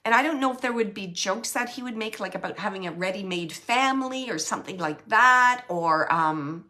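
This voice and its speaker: A woman giving a live mediumship reading, relaying messages in a halting, emotional way and often searching for words. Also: mid-range voice, expressive, sharp tone. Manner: emotional, close to tears at times.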